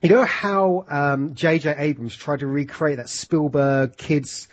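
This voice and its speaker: A man's voice: a little high, fairly even intonation, measured pace. A man, co-hosting a film podcast, talking casually and enthusiastically, with swearing and rambling asides. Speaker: podcast co-host. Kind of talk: casual chat.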